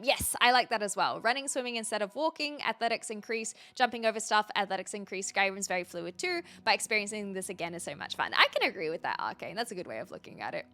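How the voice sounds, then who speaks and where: A woman's voice: mid-range voice, fairly bright tone. An American woman streaming a game, chatting casually, laughing often and answering chat. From United States. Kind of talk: casual live game commentary.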